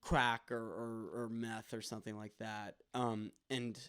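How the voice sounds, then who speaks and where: A man's voice: fairly low pitch, little pitch movement, a little slow, fairly bright tone, clean tone. A young man co-hosting a podcast, telling a long story in casual chat, full of ums and likes. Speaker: podcast co-host.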